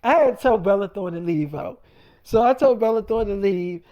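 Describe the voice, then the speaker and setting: A man casually telling a story, animated, with lots of profanity and slang. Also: sits high, moderate pace, lo-fi sound.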